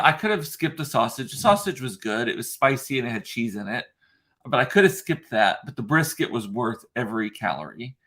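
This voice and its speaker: A man's voice: medium pitch, a bit bright. Chatty man rambling on. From South Texas. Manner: chatty and rambling, with many fillers and restarts; answers viewer comments as he talks. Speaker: vlogger. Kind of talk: casual live-stream chat.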